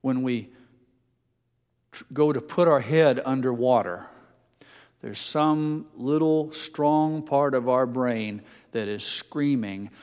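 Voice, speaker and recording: A male pastor preaching a sermon in a conversational way, mixing homely anecdotes with passages where he drops to a soft, hushed emphasis. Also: mid-range voice, takes it slowly, smooth. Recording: long hall reverb.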